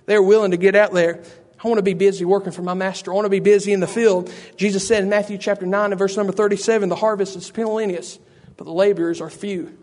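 A man's voice: high voice, flat delivery, quick pace, hardly any pauses, a little mellow. A man preaching a sermon, fervent and repetitive, calling out to listeners by name. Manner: addresses listeners by name, frequent "I tell you".

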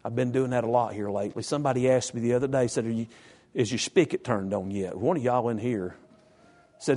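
A man's voice: fairly quick, dark tone. Folksy preacher man. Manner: folksy, emphatic, jumps into high pitch for emphasis. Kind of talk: sermon.

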